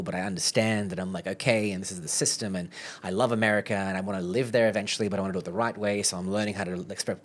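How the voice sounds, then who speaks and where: A man with an Australian accent and a lowish voice talks as a podcast guest. He tells a story in a loose, candid way, quoting his own thoughts back with "I'm like" and slipping in a laugh now and then.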